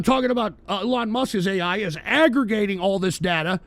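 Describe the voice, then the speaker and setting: A man's voice: high-pitched, brisk, a bit bright, no room sound. A male talk radio host ranting about politics, profane, heated and emphatic.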